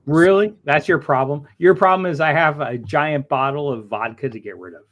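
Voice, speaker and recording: A man's voice: on the high side, normal speed, a bit bright, lo-fi sound. A man hosting a live stream in casual chat, joking and teasing his guests. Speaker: stream host.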